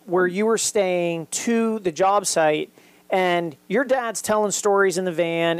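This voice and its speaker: A man's voice: high voice, smooth, no room sound. A man co-hosting a casual interview, upbeat and teasing. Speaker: co-host.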